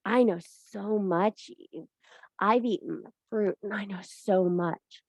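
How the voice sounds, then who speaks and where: A woman voicing a knowing, seductive female demon temptress in a hushed, slow, half-whispered storytelling voice. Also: mid-range voice, creaky, dry recording.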